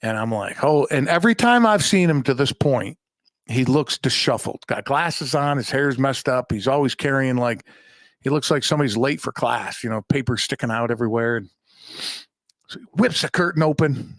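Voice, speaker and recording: A man hosting a podcast spins a rambling personal story, cursing and poking fun at himself in a casual monologue. His medium-pitched voice is animated at normal speed, with clean studio audio from a podcast mic and no echo.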